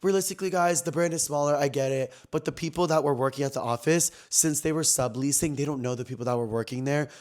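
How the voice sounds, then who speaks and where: A young man hosting his own podcast, telling a story in an animated, slangy, gossipy way, often jumping between loud and soft. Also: fairly high pitch. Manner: animated, slangy and gossipy, with quick swings in loudness. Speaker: podcast host. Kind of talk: casual storytelling chat.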